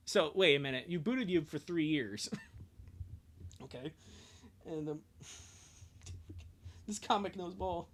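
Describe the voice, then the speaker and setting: A woman's voice: low voice, moderate pace, long pauses. A young woman hosting a fan comic reading, giggling often and swearing bluntly as she comments.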